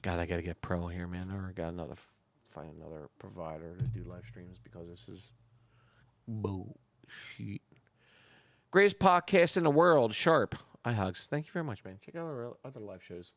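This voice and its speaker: A low, gravelly male voice that swings up and down a lot as he chats. He's a live stream host talking loosely and laughing, with swearing thrown in. The sound is dry and close, with no room around it. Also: moderate pace, dry recording. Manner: loose, laughing, swears freely, talks to chat. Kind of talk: casual live stream chat.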